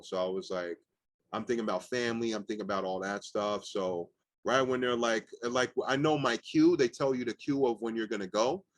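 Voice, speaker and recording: Young male rapper guest, animated and profane, lots of fillers, dry close mic. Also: fairly low pitch, no echo. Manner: animated, swearing, many "like" fillers. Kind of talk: casual storytelling interview.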